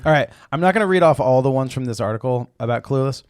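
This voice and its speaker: A man's voice: medium pitch, animated, fast, darkish tone, clear, resonant tone, no echo, studio quality. A man hosting a casual podcast chat, joking around with his friends and reading from articles. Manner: jokey, reads out articles. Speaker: podcast host.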